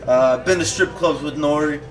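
A man's voice: fairly high pitch, moderate pace. A podcast host in his thirties telling a rambling, profane anecdote in casual chat, laughing as he goes. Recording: distant mic with loud music behind. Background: music playing.

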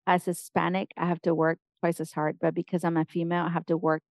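A woman's voice: on the low side, level tone, quick pace, dry recording. A middle-aged woman from Mexico, a guest on an interview, talking with energy and repeating punchy encouraging phrases. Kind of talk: motivational interview talk.

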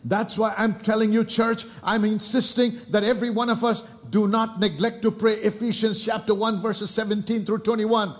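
A man's voice: high-pitched, moderate pace, few pauses. A man preaching a sermon as pastor, emphatic, asking rhetorical questions and calling on the congregation to respond.

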